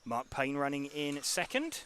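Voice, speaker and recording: A man gives live race commentary with a bright, forceful tone. He talks in a relaxed, hesitant way full of ums and uhs, mixing race updates with easy chat beside a co-host. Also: fairly high pitch, unhurried, slight background noise.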